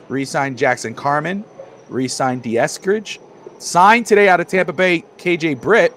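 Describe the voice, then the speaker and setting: A man co-hosting a casual sports podcast who tells stories in a quick, animated, rambling way. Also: fairly high pitch, a little hiss or hum. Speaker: podcast co-host.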